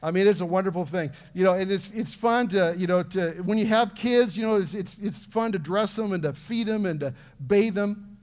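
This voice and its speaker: A man's voice: high voice, normal speed, darkish tone. A middle-aged man, preaching a sermon in an earnest, conversational way full of questions to the congregation. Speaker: pastor.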